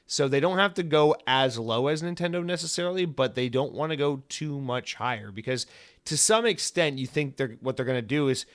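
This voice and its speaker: A man's voice: medium pitch, animated, a little fast. A man hosting a solo podcast in a casual, rambling way, full of jokey tangents. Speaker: podcast host.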